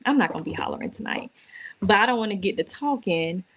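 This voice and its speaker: A woman's voice: mid-range voice, lively intonation, fast talker, fairly bright tone, lo-fi sound. A woman talking casually to her viewers on a live stream from her laptop, teary and emotional as she gives a faith testimony. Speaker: vlogger going live. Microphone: laptop or phone.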